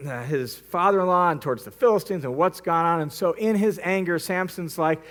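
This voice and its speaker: A man's voice: a little high, a little fast, fairly bright tone. A male pastor preaching a sermon, retelling a story vividly and acting out the characters' lines. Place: church.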